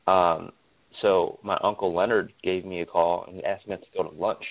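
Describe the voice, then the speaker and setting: A man from Stockton, California, a guest optometrist telling stories in an animated way, repeating words and using lots of fillers. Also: low voice, normal speed. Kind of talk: casual interview storytelling. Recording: tinny phone line.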